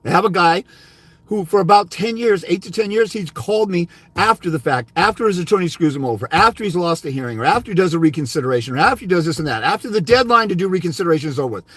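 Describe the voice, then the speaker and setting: Blunt, berating high-voiced man. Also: animated, fast talker, fairly bright tone, breathy edge, no room sound. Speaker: fathers' rights consultant. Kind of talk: ranting livestream monologue.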